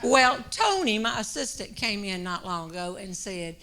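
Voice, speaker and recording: A woman, a humorist telling a long comic story on stage, drawing out her words with animated timing. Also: mid-range voice. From North Carolina. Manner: drawn-out, animated delivery with comic pauses. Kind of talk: stand-up storytelling. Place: stage before a live audience.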